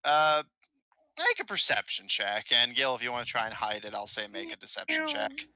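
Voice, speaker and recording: A man's voice: mid-range voice, wildly swooping pitch, normal speed, pushed and bright, no room sound, low-quality recording. A man running an online tabletop game as game master, chatty and laughing between lines, full of uhs.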